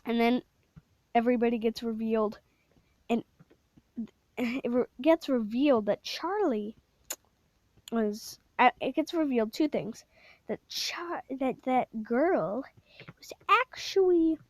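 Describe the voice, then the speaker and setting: A woman's voice: fairly high pitch, animated, slow pace, long pauses, dry recording. A woman casually retelling a spooky game story, rambling with many fillers and self-corrections, sometimes dropping to a whisper. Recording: dull lo-fi dry recording.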